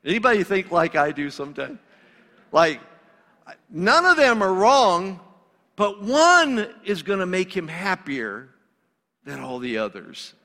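A man's voice: sits high, big pitch swings, unhurried, long pauses, bright, forceful tone. A male pastor delivering a sermon in a conversational, emphatic way, in a church sanctuary. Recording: long reverb of a large hall.

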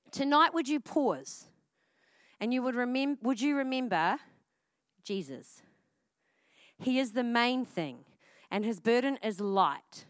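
A woman, preaching a casual, energetic sermon at church. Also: high voice, no echo. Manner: casual and energetic, with frequent "like" fillers.

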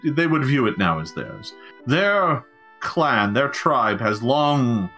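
A man voicing a low, grave deep-gnome woman. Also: a bit bright, heavily acted. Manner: slow, low and somber.

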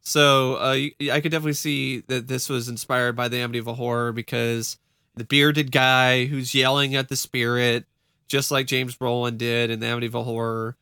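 Bright-voiced man chatting on a podcast. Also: mid-range voice, fairly quick, clear, resonant tone, no echo, clean studio sound. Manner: animated, laughs often, restarts words. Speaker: podcast co-host. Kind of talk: casual chat.

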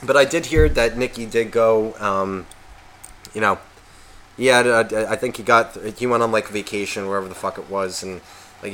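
A man co-hosting a podcast, telling a story in a casual, profane, animated way and acting out quotes. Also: lowish voice, a little hiss or hum. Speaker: podcast co-host.

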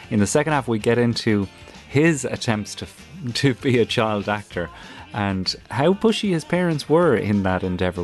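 A man's voice: lowish voice, darkish tone. An Irish man hosting a podcast, asking leading questions in a chatty way and laughing easily. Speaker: podcast host. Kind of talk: conversational interview and outro.

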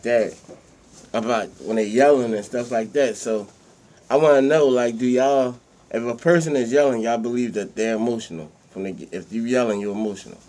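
A man's voice: mid-range voice, a little mellow, slight background noise. A man hosting a podcast, moderating a rowdy group discussion and cutting in to steer it. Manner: fast, interrupting, moderating the group. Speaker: podcast host. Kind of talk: casual group chat.

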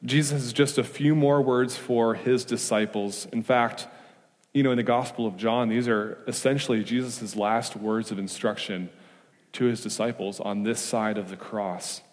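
Speaking at normal speed with fairly even intonation, a male pastor gives a middle-pitched sermon in a church sanctuary whose hall leaves a long reverberant tail. Rhetorical questions carry his points as he alternates between urgent, raised emphasis and soft, hushed reassurance.

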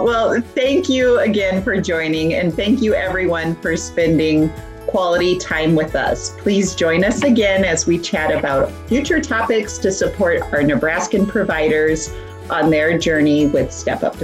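A woman's voice: lowish voice, unhurried, soft background music. A woman hosting a podcast interview, effusive and bubbly, laughing easily with her guest. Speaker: podcast host. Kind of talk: casual interview chat.

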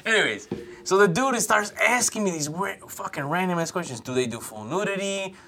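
A man's voice: high-pitched, animated, brisk, creaky, background noise. A young man from Chicago, co-hosting a podcast, telling a story in a rambling way with swearing, stammers and restarts. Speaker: podcast co-host. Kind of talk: casual chat.

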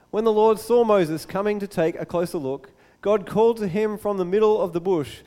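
A man preaching a sermon as a pastor, telling the story in a lively way and acting out the scenes. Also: sits high, moderate pace, few pauses, long reverb tail. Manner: animated storytelling, acts out the scene.

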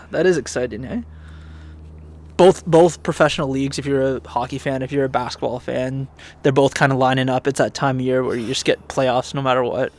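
Gravelly man rambling about golf. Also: medium pitch, fairly even intonation, brisk. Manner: rambling, self-mocking banter. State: teary right eye. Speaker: podcast co-host. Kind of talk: casual golf chat.

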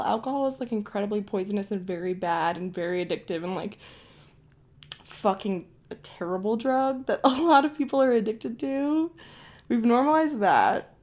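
Her voice is fairly high and a little mellow. She's a young podcast host from Ohio, USA, relating a story in a casual monologue that's blunt, emphatic, and peppered with profanity.

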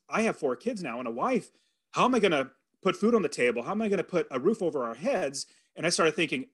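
A middle-aged man who is a podcast guest, telling his life story in an earnest, animated way and acting out his own thoughts aloud. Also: on the high side. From California. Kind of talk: storytelling in an interview.

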